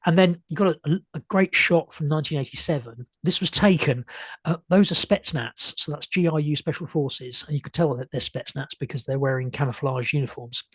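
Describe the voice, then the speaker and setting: Husky man giving a hesitant talk. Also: on the high side, a little fast, a bit bright, no echo. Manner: hesitant, many ums and restarts. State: losing his voice. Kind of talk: illustrated history talk.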